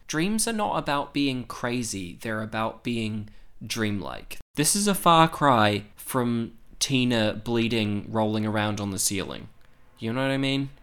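A man recapping a horror film in casual chat, animated and profane, laughing often. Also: medium pitch, unhurried, smooth. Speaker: podcast co-host.

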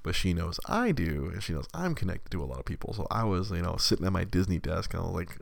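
A deep-voiced man with a gravelly rasp tells stories in a relaxed, chatty way, breaking into laughter and slipping into quoted voices. He often restarts and repeats words as he gets going. The sound is close and dry, with no room around it. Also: quick pace, few pauses, dry recording. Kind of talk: casual storytelling chat.

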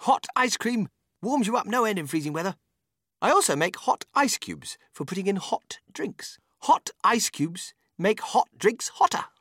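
An actor playing a manic, whimsical man who runs a candy factory, swinging from shouting to whispering. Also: high-pitched, big pitch swings, normal speed, no room sound, clean studio sound, pitched above the performer's own voice, exaggerated voice. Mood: excited. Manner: bursts of shouting and sudden whispers.

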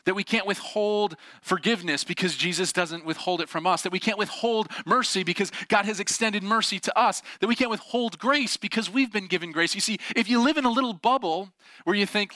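A man's voice: sits high, brisk, no echo, studio quality. A young adult man preaching a sermon as a pastor, telling a personal story and acting out the voices in it. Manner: animated storytelling with acted-out quotes.

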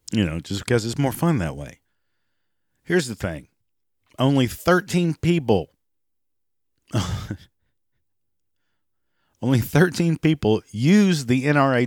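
A hoarse man with a raspy voice, giving sarcastic, profane commentary and mocking the people he talks about. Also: mid-range voice, dry recording, studio quality. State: hoarse, clearing throat and coughing. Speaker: commentary vlogger. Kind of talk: ranting commentary.

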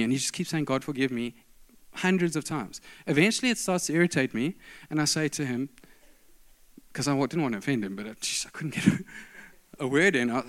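A man's voice: on the high side, animated, a little fast, fairly bright tone. A middle-aged man preaching a sermon, telling stories with emphatic, varied delivery.

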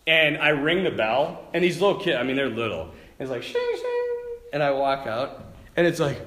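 A lively male priest preaching in a roomy, echoing church, his fairly high voice leaping up and down as he tells stories. He laughs often and swings from loud bursts to near-whispers. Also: slight background noise. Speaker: Catholic priest. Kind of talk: conversational homily with stories. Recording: echoey church room.

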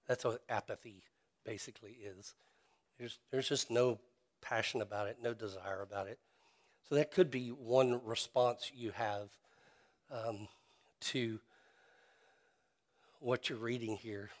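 A man's voice: mid-range voice, steady tone, unhurried, long pauses. A man preaching a sermon as a pastor, talking in an earnest, conversational way and often restarting and repeating his words.

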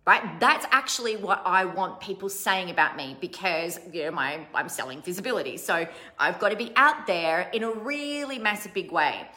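Speaking to her online audience, a woman in her thirties who works as a business coach delivers blunt, chatty motivation, cursing casually and poking fun at herself with laughter. Her voice is fairly low, expressive, pushed and bright, at a moderate pace.

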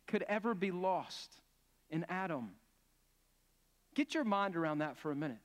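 A male pastor with a high, animated voice preaches a sermon at a moderate pace, earnest and emphatic, posing questions to his listeners as he builds each point. The recording has a long hall reverb.

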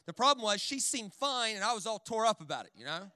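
A man preaching a sermon in a church in an animated, conversational way, full of jokes and quick "right?" asides. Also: high-pitched, clear, resonant tone, no room sound. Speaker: guest preacher. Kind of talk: sermon with storytelling.

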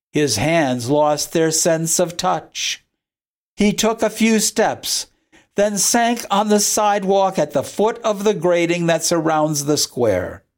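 Slow, expressive storybook reader. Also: medium pitch. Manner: slow, expressive reading of a classic tale. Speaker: narrator. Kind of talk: storybook reading.

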